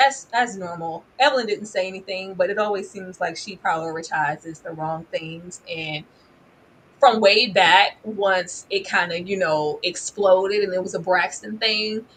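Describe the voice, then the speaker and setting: A woman giving casual, animated commentary on a reality show, laughing often and mimicking people with exaggerated voices. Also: lowish voice, slight background noise, rough recording. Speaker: reality TV reviewer.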